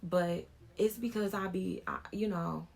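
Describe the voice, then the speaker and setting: A woman's voice: fairly low pitch, fairly even intonation, a little slow, creaky, a little mellow, a little hiss or hum. A woman in her thirties, a vlogger, telling a personal story in a frank, informal way as she talks things through.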